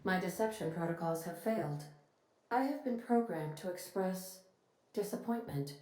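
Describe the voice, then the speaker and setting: A woman voicing a polite, literal-minded female ship computer in a video game, speaking in a formal, precise, evenly measured way. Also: fairly low pitch, expressive, warm tone, slight background noise, lightly acted. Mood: courteous. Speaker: ship's AI. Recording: echoey game audio with faint music.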